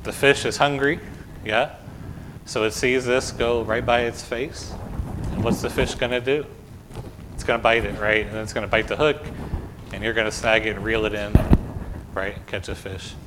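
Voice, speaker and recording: A man's voice: fairly low pitch, fairly even intonation, normal speed, long pauses, noisy background. A man pastor reading the gospel, then giving a conversational children's sermon full of questions in a church. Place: church sanctuary.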